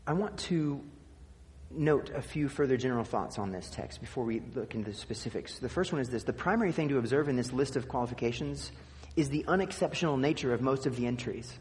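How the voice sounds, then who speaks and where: A man's voice: mid-range voice, expressive, a little fast, darkish tone. Man preaching in a reverberant hall. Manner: teaching, emphatic repetition with dry asides. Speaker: pastor. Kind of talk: sermon.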